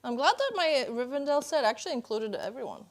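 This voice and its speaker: A woman's voice: sits high, very animated, fairly quick. Playful young woman chatting on stream. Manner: playful, chatty, reads and answers chat. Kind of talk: casual live-stream chat. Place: indoors at home, kitchen.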